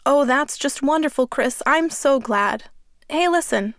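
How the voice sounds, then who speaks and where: Old frail grandfather, slow muffled speech, teary, read by a woman narrator, dry close sound. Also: very high-pitched, animated, a bit bright, no room sound, full character voice. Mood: warm. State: crying. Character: frail elderly grandfather, tender and tearful.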